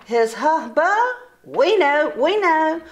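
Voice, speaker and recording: A woman reading a storybook aloud and voicing two proud, vain older sisters who talk in high, showy voices. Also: lively intonation, slow, darkish tone, muffled recording. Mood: flustered. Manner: haughty, boastful, high-pitched, then flustered stammering.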